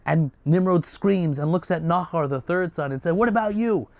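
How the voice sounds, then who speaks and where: A man telling a story in a lively, animated way, with quick restarts. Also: on the high side, gravelly, dry recording. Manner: lively, with restarts and many voices.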